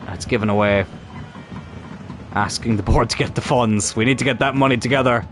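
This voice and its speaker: A man commentating his own football management game, cheering and shouting when goals go in. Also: mid-range voice, fairly quick, soft background music. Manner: excitable, shouts at goals, laughs. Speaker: gaming YouTuber.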